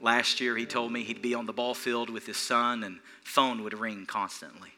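A pastor preaching an earnest, animated sermon in a church, repeating phrases for emphasis and chuckling between points. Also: male voice, medium pitch, normal speed, music in the background.

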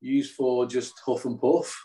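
A man's voice: mid-range voice, flat delivery, measured pace, mellow. A man, a co-host who keeps things chatty and jokey in a football chat. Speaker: podcast co-host.

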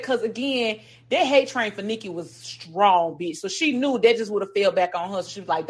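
A woman's voice: medium pitch, a little fast, hardly any pauses, slightly rough. A woman co-hosting a casual podcast, telling celebrity gossip with lots of profanity and acted-out quotes. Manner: animated storytelling, acting out quotes, heavy profanity. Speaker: podcast co-host.

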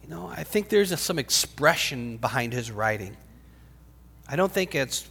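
High-voiced preacher in a reverberant hall. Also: male voice, animated, normal speed, breathy edge. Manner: dramatic, swings from shouting to whispering. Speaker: pastor. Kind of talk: sermon.

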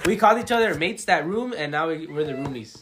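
A man's voice: fairly high pitch, expressive, fast, a bit bright, a little hiss or hum. A congested man rambling in casual, profane chat as a podcast co-host.

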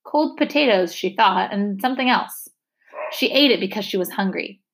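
A woman reading a novel chapter aloud, steady and expressive. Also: mid-range voice, normal speed. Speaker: reader.

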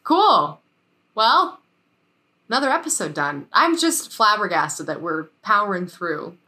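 A woman co-hosting a casual podcast, animated and often laughing as she wraps up the episode. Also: medium pitch, unhurried. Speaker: podcast co-host. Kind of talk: casual chat.

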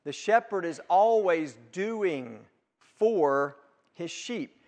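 High-voiced pastor preaching in a reverberant church. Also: male voice, animated, drawn-out words. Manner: emphatic, swells loud on key words then drops low. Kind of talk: sermon. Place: church sanctuary. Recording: long reverb of a church hall.

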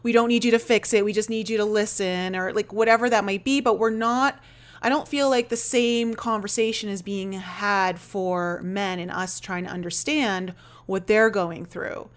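A woman hosting a podcast interview talks in a chatty, animated way, full of "like" and "you know". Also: medium pitch, normal speed. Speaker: podcast host. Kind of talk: casual interview chat.

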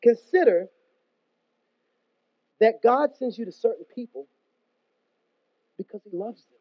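Very high-voiced male preacher, dry and dull. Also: expressive, unhurried, no echo. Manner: emphatic and conversational, slangy asides. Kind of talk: sermon. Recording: dull, dry close recording.

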